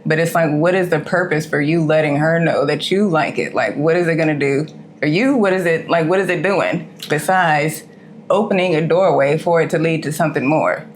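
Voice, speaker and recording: A woman's voice: low voice, moderate pace, slight background noise. Blunt, slangy woman co-host. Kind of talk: casual chat.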